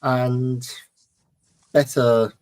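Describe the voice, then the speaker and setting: A man's voice: mid-range voice, little pitch movement, extremely slow, a little mellow. A man from the United Kingdom on a casual panel chat, easygoing and hesitant with many ums. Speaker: panel co-host.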